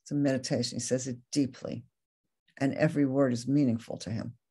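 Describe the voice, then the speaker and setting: A woman's voice: very deep voice, steady tone, fairly quick, mellow, breathy edge. A woman Torah teacher giving a lecture, earnestly retelling a story and reading quoted passages aloud.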